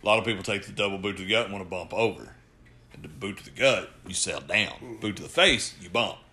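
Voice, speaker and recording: A man's voice: low voice, quick pace, bright, forceful tone, slight background noise. A man who wrestles, chatting casually on a podcast, rowdy and profane, laughing often. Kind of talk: casual chat.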